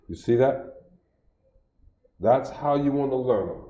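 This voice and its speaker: A man's voice: medium pitch, lively intonation, moderate pace, pauses often, dark tone. A middle-aged man teaching a class, repeating points in a call-and-response cadence. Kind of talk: classroom-style instruction, livestreamed. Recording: echoey room, dull lo-fi stream audio.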